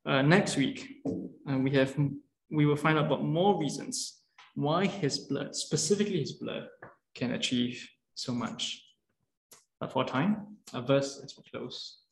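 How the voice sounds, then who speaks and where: Male preacher, mid-pitched, earnest and explanatory, recorded in a roomy hall. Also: unhurried, gravelly. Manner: earnest, explanatory, with frequent fillers and restarts. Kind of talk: lunchtime sermon. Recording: echoey room.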